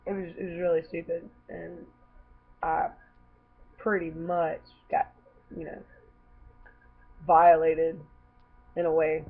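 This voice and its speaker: A woman's voice: fairly low pitch, steady tone, unhurried, pauses often. A young woman who is sick with a cough, bluntly telling a story to camera, swearing freely. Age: young adult. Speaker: vlogger. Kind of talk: casual storytelling. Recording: tinny phone-like recording.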